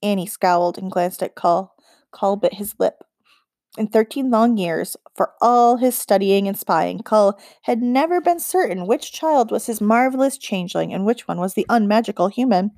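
A woman narrating a children's fantasy novel as an audiobook, in a measured storytelling read. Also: medium pitch, darkish tone, no room sound, clean studio sound. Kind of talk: scripted narration.

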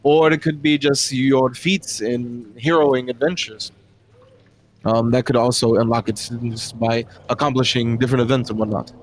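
A man's voice: medium pitch, fairly even intonation, moderate pace, slight background noise, lightly acted. A man voicing a cheerful female gnome blacksmith in a tabletop game, talking in a hesitant way full of fillers. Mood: helpful. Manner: chatty, hesitant, filler-heavy. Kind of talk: tabletop role-play voicing.

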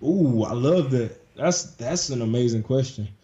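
Mellow-voiced young man, lo-fi. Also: medium pitch, moderate pace. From Detroit, USA. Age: 20s. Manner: rambling, many fillers. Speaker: podcast guest and game developer. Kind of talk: casual chat. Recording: dull lo-fi sound.

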